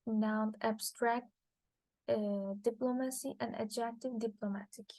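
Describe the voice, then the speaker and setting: Woman lecturer reading slides, first language Turkish, flat, gravelly, halting delivery. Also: a little high, dry recording, low-quality recording. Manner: halting, with frequent uh fillers and restarts. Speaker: linguistics lecturer.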